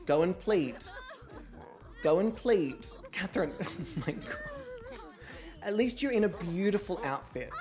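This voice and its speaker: A young woman streaming a life-sim game, chatting, swearing and laughing as she plays. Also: lowish voice. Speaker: streamer hosting an interactive show. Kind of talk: casual game-stream commentary.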